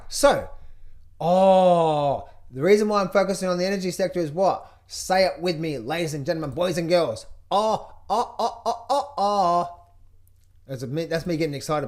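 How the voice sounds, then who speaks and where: A middle-aged man coaching on trading, talking over charts in an energetic, playful way, chanting phrases in a sing-song repetition. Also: high-pitched. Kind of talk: casual market commentary over charts.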